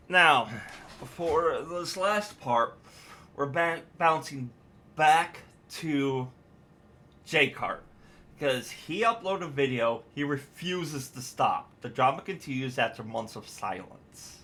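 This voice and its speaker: Slow-talking man reacting to clips. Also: mid-range voice, animated, pushed and bright. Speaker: commentary host.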